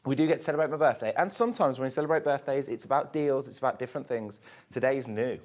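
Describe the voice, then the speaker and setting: A British man presenting on a shopping channel with a croaky voice, relaxed and playful in chat. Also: medium pitch, quick pace. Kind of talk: casual studio chat.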